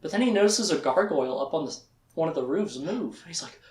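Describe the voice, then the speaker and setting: Chatty lecturer with a lively, laughing delivery. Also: mid-range voice, fast talker. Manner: chatty, laughing often, acting out quotes. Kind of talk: casual lecture recap of a fantasy novel. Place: room with a small live audience. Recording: echoey room.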